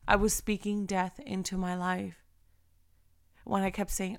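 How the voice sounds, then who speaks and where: A woman's voice: mid-range voice, level tone, a little slow, vocal fry, pauses often, clean tone. A young woman speaking fervently to her listeners, quoting scripture and sharing her own struggles in a personal, encouraging way. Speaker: faith speaker.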